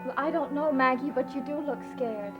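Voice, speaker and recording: Woman as a kind caretaker, high voice, soft reassuring tone, faint music. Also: a little fast, muffled recording, lightly acted. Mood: concerned. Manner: soothing, concerned. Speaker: caretaker friend.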